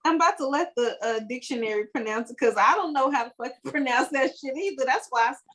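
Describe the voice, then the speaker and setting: A woman's voice: high voice, fast talker, background noise. A woman co-hosting a podcast, blunt and swearing freely while laughing. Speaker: podcast co-host. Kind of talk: casual chat.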